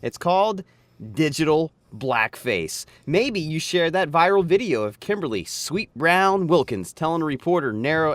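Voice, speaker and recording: A man's voice: on the high side, fairly bright tone, no echo. A man co-hosting a podcast, chatting and joking with a loose, profane manner and reading a news story aloud. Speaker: podcast co-host.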